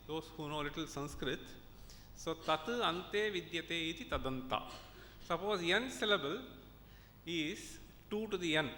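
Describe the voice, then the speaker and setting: Male lecturer, slightly high voice, explanatory, faint rumble behind. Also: sharp tone. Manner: explanatory, checks in with the audience often. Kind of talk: academic conference lecture. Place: conference hall. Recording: echoey hall with faint rumble.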